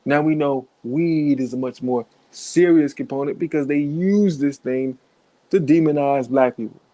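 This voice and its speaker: A man's voice: fairly high pitch, a little slow, warm tone, no echo. A man giving blunt, profane reaction commentary in a casual way, laughing between points.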